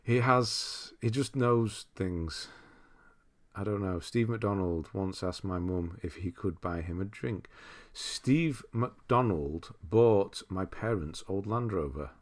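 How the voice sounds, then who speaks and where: A man's voice: deep voice, slow pace. A man hosting a live stream, chatting casually and reading viewers' messages aloud with frequent laughs. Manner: relaxed, rambling, reads chat aloud with frequent laughs. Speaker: streamer host.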